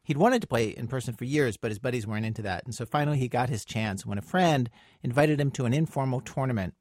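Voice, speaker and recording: A man's voice: medium pitch, fast talker, a little mellow, dry recording, clean studio sound. A man hosting a radio program, narrating a story in a wry, conversational way and questioning his guest. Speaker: radio show host.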